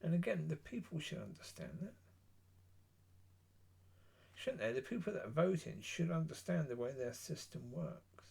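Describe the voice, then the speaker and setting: A man giving a blunt, opinionated solo monologue, rambling with pauses. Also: on the high side, sing-song, vocal fry, darkish tone, breathy edge. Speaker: political commentator.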